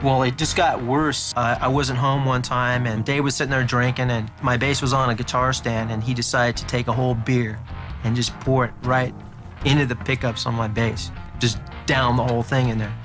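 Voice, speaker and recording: A man in an interview, telling old stories in an animated way and acting out what people said. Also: mid-range voice, normal speed. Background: music.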